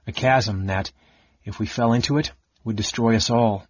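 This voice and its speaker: A man doing a soft-spoken, icy mage. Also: fairly low pitch, fairly even intonation, moderate pace, slightly rough, no room sound, highs cut off. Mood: cold. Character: cold, sardonic frail male mage, soft-spoken.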